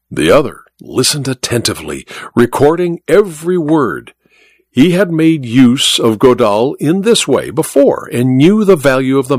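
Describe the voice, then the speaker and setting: A male narrator reading a classic tale with an expressive storytelling delivery. His voice sits at a middle pitch and moves lively up and down across phrases. The recording is close and dry, without room echo.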